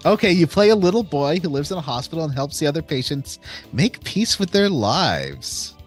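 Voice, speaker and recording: A man's voice: a little high, sing-song, moderate pace, faint music behind. A man from Canada co-hosting a casual gameplay chat, chatty and teasing, telling stories. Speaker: co-host.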